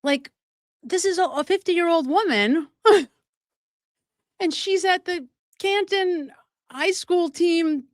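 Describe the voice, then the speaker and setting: A woman's voice: very high-pitched, takes it slowly, pauses often, no echo, clean studio sound. A woman hosting a live stream of true crime commentary, talking straight to her viewers with emphatic asides and frequent laughs. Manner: animated and emphatic, laughing often mid-sentence. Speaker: livestream host.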